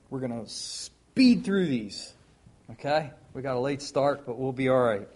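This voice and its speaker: A man preaching a sermon. He reads scripture aloud and mixes in folksy, conversational asides. He swings from loud, emphatic declaiming to quiet remarks. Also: medium pitch, lively intonation, measured pace.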